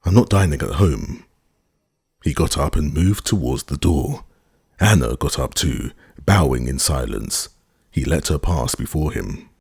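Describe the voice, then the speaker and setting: A man narrating a classic novel as an audiobook, measured and expressive. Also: a bass voice, gravelly, slightly rough, dry recording, clean studio sound. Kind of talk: scripted narration.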